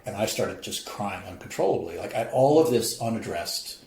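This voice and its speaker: A man's voice: fairly low pitch, animated, brisk, darkish tone, a little hiss or hum. A middle-aged man from St. Louis, a professor and podcast guest, telling a candid personal story with emotion and acting out quoted voices. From St. Louis, USA. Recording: roomy echoey podcast room.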